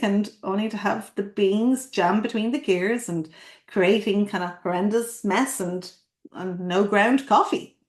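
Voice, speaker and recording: A woman coach giving a playful motivational talk, asking listeners questions and telling a story. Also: medium pitch. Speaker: coach and academy founder. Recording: roomy echo.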